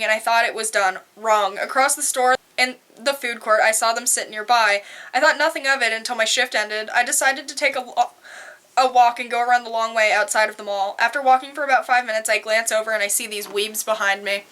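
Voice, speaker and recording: A young woman reads posts aloud with an animated, blunt delivery and casual swearing. Her voice is bright and fairly high, with a crisp, forceful edge. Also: a little fast. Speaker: cosplayer reading posts aloud. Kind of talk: casual read-aloud and reaction.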